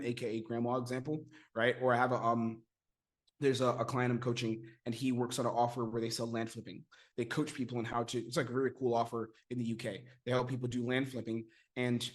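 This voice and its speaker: An American man coaching viewers on sales technique, talking energetically and acting out sales-call dialogue. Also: medium pitch. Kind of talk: teaching sales technique to camera.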